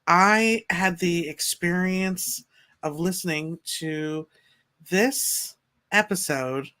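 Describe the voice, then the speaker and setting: Bright, gushing woman host. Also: fairly low pitch, slow. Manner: gushing, effusive, jokey. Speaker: podcast host. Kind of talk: casual podcast chat.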